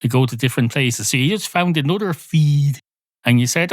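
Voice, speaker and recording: A man hosting a rambling solo comedy podcast, deadpan and absurd, swearing at imagined listeners. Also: a little high, a little fast, no echo. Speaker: podcast host.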